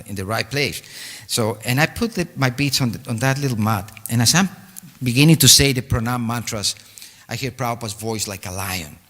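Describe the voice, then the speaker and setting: An older man telling a personal story at a memorial talk, halting and full of fillers and restarts. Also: medium pitch, pushed and bright. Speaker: devotee giving a homage talk. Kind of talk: storytelling reminiscence. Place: temple hall. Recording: long hall reverb.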